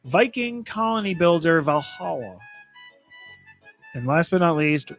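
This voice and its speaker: A man's voice: a little high, big pitch swings, a little slow, soft background music. A man co-hosting a podcast, casually reading a list of game releases and joking as he stumbles over titles.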